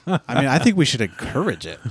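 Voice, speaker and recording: A man co-hosting a podcast, trading crude jokes in a dry, deadpan way. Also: mid-range voice, fast, slightly rough. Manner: dry, deadpan jokes, often trails off quietly. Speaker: podcast co-host. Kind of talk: crude casual banter.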